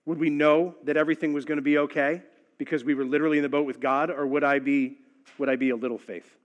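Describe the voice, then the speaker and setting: Guy teaching a bible passage, chatty and thoughtful, voice a bit on the high side. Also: steady tone, fast, dull audio. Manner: conversational and reflective, asks rhetorical questions.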